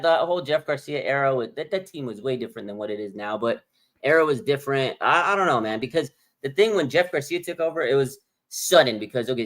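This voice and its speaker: A middle-aged man co-hosting a sports talk show, chatting in a relaxed, agreeable way. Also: medium pitch.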